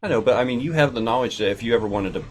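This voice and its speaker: A man hosting a casual chat, easygoing and quick to laugh. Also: mid-range voice, slight background noise. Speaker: host.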